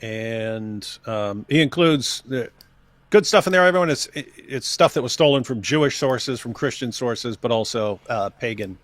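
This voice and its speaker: A man's voice: medium pitch, animated, measured pace, dry recording. A man co-hosting a livestream, talking casually in a joking, loose way with frequent fillers. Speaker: co-host of a livestream show.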